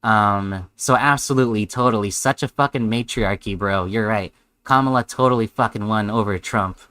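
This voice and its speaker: A man's voice: lowish voice, normal speed, bright, forceful tone, clear, resonant tone, no echo. A man streaming a live reaction, sarcastic and rambling, with heavy swearing.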